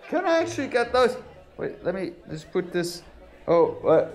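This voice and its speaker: A man's voice: sits high, very animated, moderate pace, a little hiss or hum. A man commentating his VR gameplay in a rowdy, playful way, hamming up drunk bravado and taunting the game's characters. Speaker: VR gameplay YouTuber. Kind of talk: playful let's-play commentary. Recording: roomy sound with loud game music.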